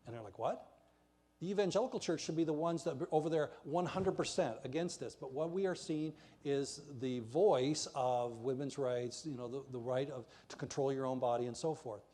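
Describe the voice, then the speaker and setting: A man's voice: mid-range voice, normal speed, hardly any pauses, mellow. A man preaching a passionate, emphatic sermon in a church while pointing to slides.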